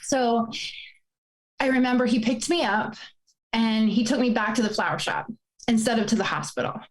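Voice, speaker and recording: A woman's voice: a little high, moderate pace, low-quality recording. A woman in her forties telling a painful personal story, fighting back tears as she speaks. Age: 40s. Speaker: guest.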